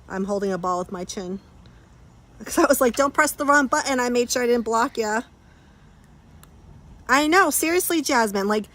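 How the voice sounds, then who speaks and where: A woman chatting casually on a livestream from her backyard pool, laughing often and talking to her dogs. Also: on the high side.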